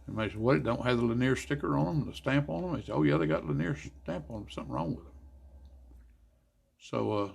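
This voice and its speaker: An older man with a drawl spins racing yarns in a heavily gravelly, rough voice. He talks in a folksy, lively way and acts out each side of the conversation. His voice sits at an ordinary pitch but carries a husky grain. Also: fast talker. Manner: folksy, animated storyteller acting out dialogue. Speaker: guest, former racer and car builder. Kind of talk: casual storytelling interview.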